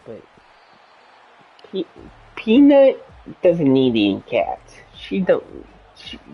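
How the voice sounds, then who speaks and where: A husky-voiced gaming streamer rambles from one topic to the next, animated and loose, with the pitch bouncing all over the place. It sounds like casual chat during a game. The recording is dull and lo-fi, as from a basic streaming mic. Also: slow pace. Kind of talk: casual chat while playing.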